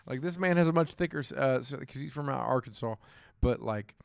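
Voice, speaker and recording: A man with a gravelly Southern Ohio accent chats in a lively way, cursing and breaking into laughs as he acts out other people. His voice sits in a middle pitch, recorded close and dry with no room sound. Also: no room sound. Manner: animated, swearing, quick laughs, acts out quotes. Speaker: host. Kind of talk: casual chat.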